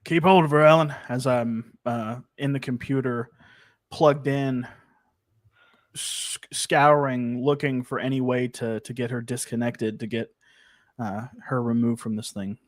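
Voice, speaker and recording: Male player speaking in character, unhurried and halting, dry voice. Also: medium pitch, flat delivery, no echo. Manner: describes actions haltingly with fillers. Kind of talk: in-character tabletop role-play.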